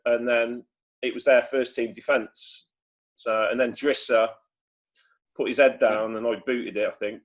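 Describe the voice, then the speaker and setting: Man, mid pitch, loose rambling storyteller on a video call. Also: little pitch movement, unhurried. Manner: chatty, rambling with many restarts and acted quotes. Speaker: former footballer guest. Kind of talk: casual storytelling.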